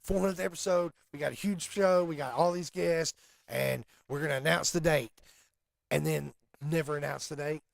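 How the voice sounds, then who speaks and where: A man, co-hosting a casual podcast with quick, joking banter. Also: on the high side, fairly even intonation, creaky, dry recording. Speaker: podcast co-host. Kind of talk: casual chat.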